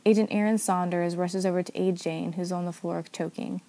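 A woman narrating a story aloud in a steady, even manner. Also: on the low side, a little fast, few pauses. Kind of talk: story reading.

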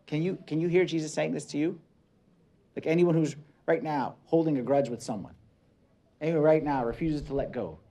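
A priest giving a sermon in a conversational way, dropping to quiet asides and building to emphatic, repeated points. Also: male voice, a little high, lively intonation, fairly quick. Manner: conversational preaching, swinging between soft asides and rising emphatic repetition.

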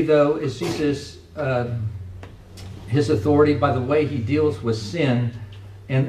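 A man's voice: medium pitch, darkish tone, a little hiss or hum. Earnest preaching man, echoey and distant. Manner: earnest, emphatic preaching with rising exclamations. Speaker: pastor. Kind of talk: sermon.

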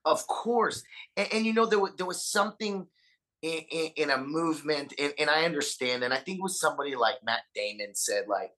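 Earnest bright-voiced man, stammering. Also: fairly high pitch, expressive, a little fast, low-quality recording. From Austin, Texas. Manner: earnest, stammers and repeats words, swears freely. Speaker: podcast guest, punk singer. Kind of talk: casual podcast conversation.

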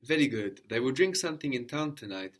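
A man teaching a language lesson, repeating each answer back slowly and checking understanding with a questioning "no?". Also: mid-range voice, expressive, a bit bright.

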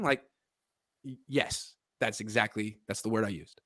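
A man's voice: lowish voice, expressive, normal speed, pushed and bright. A man hosting a casual sports podcast, animatedly breaking down football film and chatting with his father. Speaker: podcast host.

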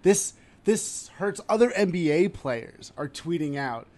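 A man co-hosting a casual sports chat, animated and ranting with sudden loud outbursts. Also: a little high, unhurried. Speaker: podcast co-host.

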